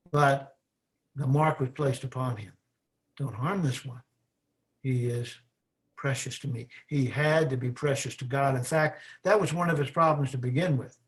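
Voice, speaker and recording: A man giving a sermon in a slow, reflective way, pausing for effect and asking his listeners questions. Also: fairly high pitch, poor audio. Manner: slow, reflective preaching with dramatic pauses. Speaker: minister.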